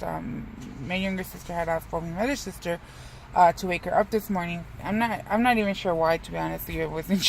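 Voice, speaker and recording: Gravelly young woman venting casually. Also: fairly low pitch, a little hiss or hum, rough recording. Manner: rambling, profane, self-mocking. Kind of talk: casual reflective vlog.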